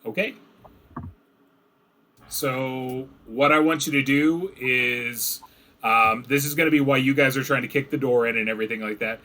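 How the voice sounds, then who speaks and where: A man's voice: mid-range voice, normal speed, pushed and bright. A man narrating a tabletop game as game master, in a loose way full of likes and ums.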